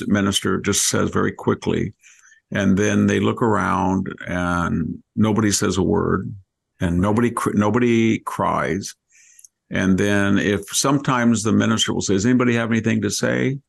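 A podcast host with a low, creaky, husky voice tells rambling anecdotes in casual conversation. He interrupts himself a lot, often breaking off mid-word.

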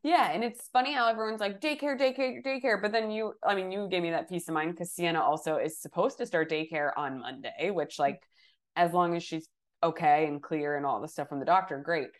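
A young woman co-hosting a casual podcast chat, speaking while sick with a hoarse voice, candid and swearing casually. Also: on the low side, a little fast. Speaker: podcast co-host.

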